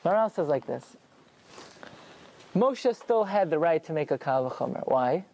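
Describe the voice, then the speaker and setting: A man's voice: fairly high pitch, lively intonation, moderate pace, gravelly, dark tone, muffled recording. A man teaching a Torah lesson in a classroom, working through rhetorical questions and answering them himself.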